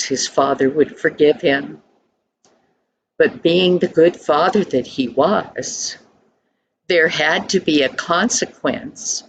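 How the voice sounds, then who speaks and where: Older woman storyteller, really slow, soft hushed voice, telling a kids' story. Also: low voice, slight background noise, low-quality recording. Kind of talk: storybook narration.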